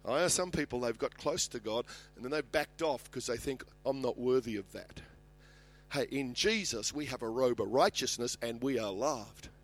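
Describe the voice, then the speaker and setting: Brief: middle-aged Australian pastor, mid-pitched, fervent sermon delivery. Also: male voice, animated, normal speed, few pauses, a bit bright. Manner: passionate, rises in pitch and volume when reading scripture.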